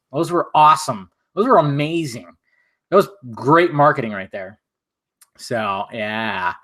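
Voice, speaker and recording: Young male stream host, casual and chatty, a little high-pitched, answers comments loosely. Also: a bit bright. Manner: laid-back, chatty, swears casually. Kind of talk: casual live-stream chat, reading viewer comments.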